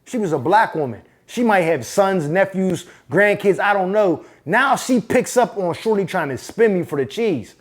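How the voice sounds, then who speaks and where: High-voiced man telling a wild story. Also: moderate pace, hardly any pauses. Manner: casual, profane, animated. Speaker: host. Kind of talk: storytelling monologue.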